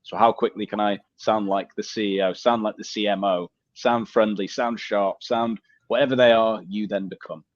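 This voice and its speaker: A man's voice: on the low side, fairly even intonation, moderate pace, hardly any pauses, no room sound. A man guest on a webinar video call, direct and matter-of-fact, with a teasing streak. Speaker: sales trainer guest. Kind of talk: casual webinar chat. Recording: dull, dry video call audio.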